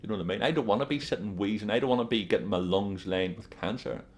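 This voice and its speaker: A man's voice: fairly low pitch, fast. A man working as a life coach, giving a blunt, emphatic motivational talk straight to the camera and repeating his warnings.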